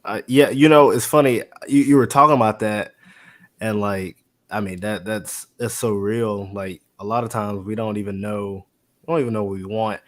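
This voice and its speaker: A man's voice: on the low side, steady tone, moderate pace. A man speaking as a guest in a casual faith-based conversation, telling a story with energy, acting out quotes and laughing easily.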